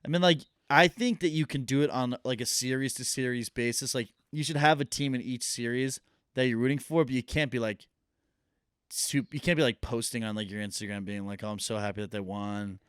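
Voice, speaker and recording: A man's voice: mid-range voice, fairly quick, a bit bright, smooth, no echo, clean studio sound. A young man co-hosting a casual podcast chat, laid-back and full of fillers. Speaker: podcast co-host.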